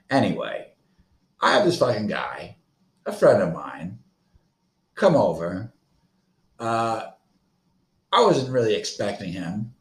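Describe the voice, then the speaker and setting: Profane rambling man, very deep voice. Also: big pitch swings, takes it slowly, pauses often, reverberant. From Florida. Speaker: podcast host. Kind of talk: casual solo podcast rant.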